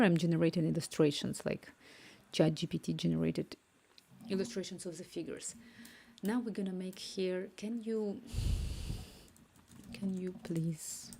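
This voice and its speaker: Coding on a home livestream, this developer keeps up casual chat in a slow, low, creaky voice with a warm tone. She mutters and whispers to herself, thinking out loud as she works, and there's slight background noise.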